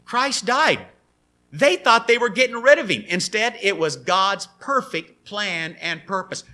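Male preacher, sermon, high voice, bright tone, acts out quotes.

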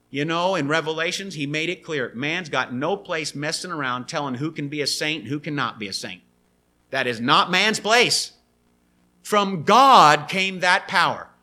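Bright high-voiced male preacher. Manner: animated preaching, acts out quoted voices. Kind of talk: sermon.

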